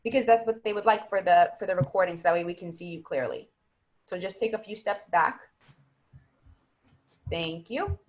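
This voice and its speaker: A woman's voice: fairly low pitch, animated, moderate pace, pauses often. Encouraging woman acting coach on a video call. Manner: encouraging, patient, explains at length. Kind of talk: giving feedback in an online class. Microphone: video call microphone.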